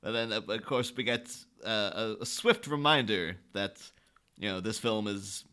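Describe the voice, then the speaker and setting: A man's voice: on the low side, moderate pace, pushed and bright, clear, resonant tone. A man co-hosting a podcast, talking about a film in a rambling, jokey way with plenty of laughs. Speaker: podcast co-host. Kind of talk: casual film chat.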